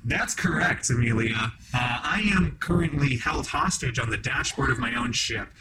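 A serene little robot cube speaks in calm, courteous tones, as a man voices him. His voice sits mid-range and stays matter-of-fact. Loud noise runs under it. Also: medium pitch, normal speed, close to an everyday voice. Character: polite calm male robot cube pilot.

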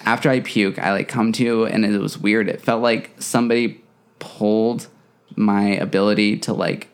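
A young man hosting a podcast, telling a story in casual chat, animated, acting out quotes and swearing freely. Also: lowish voice, normal speed, clean tone.

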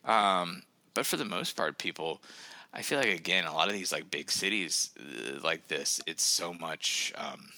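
Brief: male author guest, low-pitched, very forceful edge, rambling chatter full of restarts. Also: animated, normal speed, no room sound. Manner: rambling, many fillers and restarts. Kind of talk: casual podcast chat.

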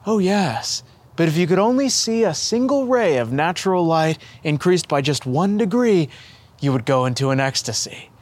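A man voicing a gentle, affectionate young boy saint who speaks earnestly and kindly to an old friend. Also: fairly high pitch, lively intonation, normal speed, pitched above the performer's own voice.

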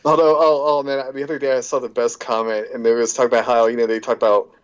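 A man's voice: medium pitch, flat delivery, quick pace, clear, resonant tone, lo-fi sound. A man co-hosting a casual podcast, joking around and filling his talk with "like". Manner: casual, joking, leans on "like" a lot. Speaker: podcast co-host. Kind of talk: casual chat.

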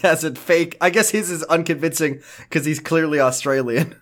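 A man co-hosting a podcast, excitable and quick to laugh, riffing on the show. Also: a little high. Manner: excitable, laughs often, riffs. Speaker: podcast co-host. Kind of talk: casual recap chat.

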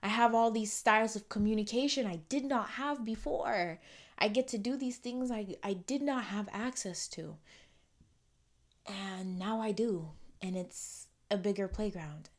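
A young woman hosting a solo podcast, speaking in an earnest, affirming way, often repeating phrases and trailing off quietly. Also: mid-range voice, measured pace. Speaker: podcast host. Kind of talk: reflective solo podcast monologue.

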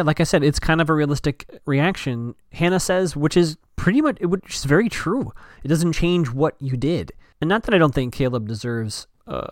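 A man's voice: fairly high pitch, no room sound. Chatty man recapping a show, dry sound. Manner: chatty, thinks aloud with frequent fillers and restarts. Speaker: podcast host recapping a TV episode. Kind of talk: casual recap commentary.

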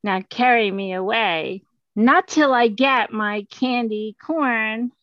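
A woman voicing a bossy, playful male cat king in lines of a poem she reads aloud, slow and drawn out. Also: on the high side, no room sound, highs cut off. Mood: regal. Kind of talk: poem reading with voiced lines.

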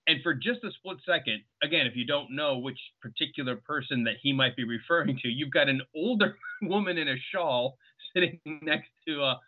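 A man's voice: on the high side, animated, fairly quick. A man guest on a podcast, explaining points at length in casual film talk and acting out short quotes. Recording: tinny phone-like line.

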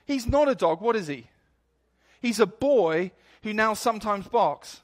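A man's voice: sits high, lively intonation, a little slow. A male pastor preaching a sermon in a storytelling manner, building up to emphatic points.

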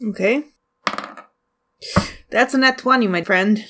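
A woman running a tabletop game as game master, describing scenes haltingly and calling for dice rolls. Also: medium pitch, fairly bright tone, a little hiss or hum.

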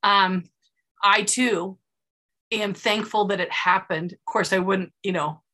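A woman's voice: medium pitch, fairly even intonation, takes it slowly, sharp tone. A woman hosting a podcast, chatting supportively and asking her guest questions. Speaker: podcast host. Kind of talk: conversational interview.

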